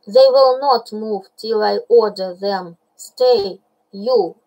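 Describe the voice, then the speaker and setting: A woman voicing a calm, commanding old male python in a storybook reading, speaking slowly and evenly. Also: medium pitch, low-quality recording.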